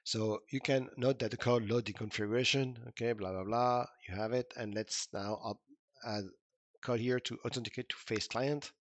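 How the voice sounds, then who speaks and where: A man's voice: mid-range voice, steady tone, normal speed, no echo, dull audio. A man giving an informal coding tutorial, thinking aloud with many fillers and restarts. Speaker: instructor. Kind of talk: screen-recorded coding tutorial.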